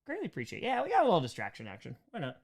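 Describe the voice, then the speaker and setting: A young man from New York chats casually through a live Q&A, thanking donors in quick bursts. His voice swings lively up and down as he riffs. The talk stays loose and upbeat. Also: high voice, vocal fry. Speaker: livestream host answering superchats.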